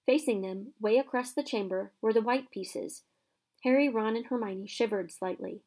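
A woman narrating a children's fantasy novel aloud with expressive, lively storytelling. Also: a little high, moderate pace.

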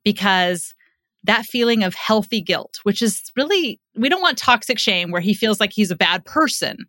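A woman's voice: medium pitch, expressive, normal speed, bright, forceful tone, no echo. Middle-aged woman guest, earnest explainer who acts out quotes, dry recording. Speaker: psychotherapist and parenting author, podcast guest. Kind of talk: conversational storytelling, explaining.

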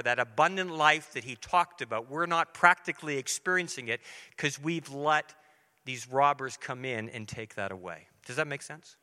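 A man's voice: medium pitch, sharp tone. A middle-aged man preaching a sermon in a church, talking earnestly and conversationally to the congregation. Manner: earnest, conversational, acts out dialogue. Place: church sanctuary. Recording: long reverberant hall.

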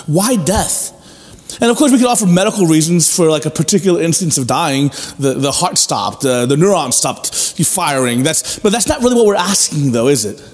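High-voiced earnest preacher in a reverberant hall. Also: male voice, animated, moderate pace. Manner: earnest, repeats phrases, asks rhetorical questions. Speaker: pastor. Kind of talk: sermon. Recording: long hall reverb with faint music.

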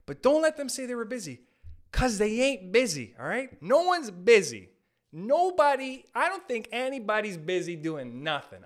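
A man from Canada hosting a podcast, doing a hyped-up, jokey comedic rant. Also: high-pitched. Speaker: podcast host.

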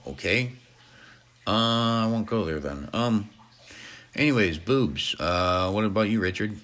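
A man's voice: fairly low pitch, expressive, unhurried, long pauses, fairly bright tone. A man hosting a crude comedy podcast, offhand and full of swearing and fillers. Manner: profane, offhand, hesitant fillers. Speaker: podcast host.

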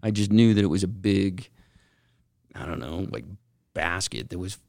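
A man with a gravelly, somewhat low voice, chatting on a podcast in a rambling, excitable way. The sound is close and dry, with no room around him. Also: moderate pace, no room sound. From Utah, Salt Lake Valley. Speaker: podcast co-host. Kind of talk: casual podcast chat.

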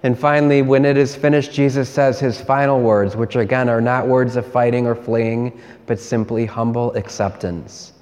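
Priest guy preaching slow and measured, mid-pitched voice, big echoey church sound. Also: steady tone, darkish tone. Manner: slow, measured retelling with repeated refrains. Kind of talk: sermon.

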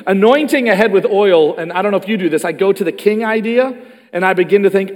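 A man preaching a sermon with animated delivery, moving between loud emphatic passages and hushed ones. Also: sits high, a little fast. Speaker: pastor. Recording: long reverb of a large hall.

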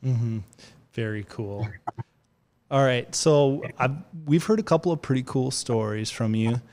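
A man hosting a casual fishing interview, relaxed and encouraging. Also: mid-range voice, unhurried. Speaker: podcast host.

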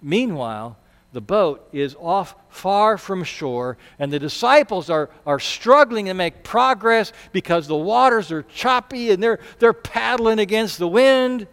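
A man with a high, smooth, resonant voice preaches to his congregation in a church sanctuary. His delivery is conversational, with sudden loud bursts when he acts out a quote. A long reverb trails every phrase. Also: animated, a little slow. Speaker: pastor. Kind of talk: sermon.

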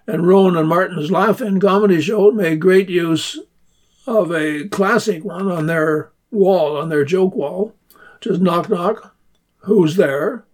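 Male community radio host, higher voice, slow scripted storytelling with playful joke voices. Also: animated, darkish tone. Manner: unhurried storytelling, reading jokes aloud in playful voices. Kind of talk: scripted radio segment narration.

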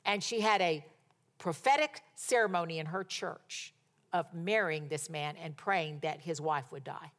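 A woman's voice: low-pitched, a little slow. A middle-aged woman preaching a sermon, telling personal stories and exhorting her listeners with emphatic repetition.

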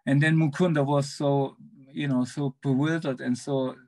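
Halting man with a gravelly voice. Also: medium pitch, steady tone, a little mellow. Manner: halting, searching for words, laughs between phrases. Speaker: devotee sharing a memory. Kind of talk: casual online satsang sharing. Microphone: video call.

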